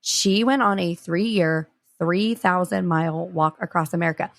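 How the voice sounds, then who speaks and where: A woman hosting a podcast, introducing her guest with excitable, gushing chat and calling her listeners y'all. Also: on the low side, a little slow, vocal fry, no echo. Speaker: podcast host. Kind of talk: casual chat.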